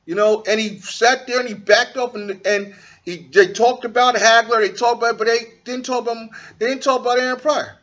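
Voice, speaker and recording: A man's voice: very high-pitched, steady tone, normal speed, a bit bright, muffled recording. A man hosting a boxing talk show, giving blunt, profane opinions in a casual monologue and acting out what fighters say.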